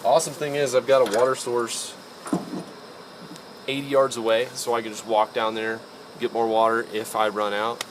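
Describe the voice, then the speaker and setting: A man's voice: mid-range voice, little pitch movement, normal speed, noisy background. A man vlogging casually from a mountain campsite, easygoing and folksy, a little out of breath from the altitude. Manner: easygoing, folksy, says y'all. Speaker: outdoor vlogger. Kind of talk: casual camping vlog.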